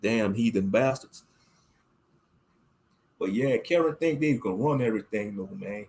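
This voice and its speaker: Speaking a little slowly but animated, a man from the United States delivers a rambling, casual rant as an online commentator. He punches his points with slang and emphasis, veering between loud bursts and low mumbles.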